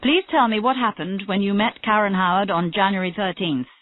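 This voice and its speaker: A woman reading a calm, persistent female detective. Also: mid-range voice, a little fast, dry recording, natural voice. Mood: probing. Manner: steady, pressing questions. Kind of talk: reading a graded story aloud. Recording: tinny phone-like audio, dry.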